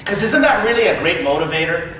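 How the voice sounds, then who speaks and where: A man's voice: big pitch swings, brisk, bright, forceful tone. A man in his fifties giving a humorous, conversational motivational speech, often repeating his opening words, recorded from a distance in an echoey hall. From Canada. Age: 50s. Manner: conversational, repeats words when starting sentences. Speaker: motivational speaker. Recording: echoey hall, distant mic, faint rumble.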